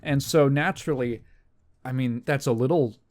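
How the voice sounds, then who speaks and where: Man, young adult, podcast host, casual chat, rambling, laughs often, mid pitch. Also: moderate pace, darkish tone. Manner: rambling storyteller, laughs often, mimics people.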